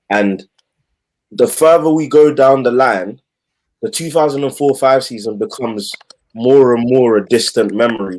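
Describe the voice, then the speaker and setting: A man's voice: mid-range voice, a little mellow. A man on a football debate panel, talking casually and asking the others questions. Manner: casual, asks questions back.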